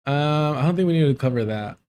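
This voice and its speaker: A man's voice: a little high, animated, fast, a little mellow, clean tone. A man hosting a livestream in casual chat, rambling and chuckling often as he talks. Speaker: livestream host.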